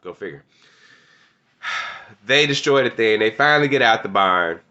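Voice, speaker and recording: A man casually recapping a TV episode, excitable and slangy, laughing often. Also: on the low side, moderate pace, lo-fi sound. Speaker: TV show reviewer.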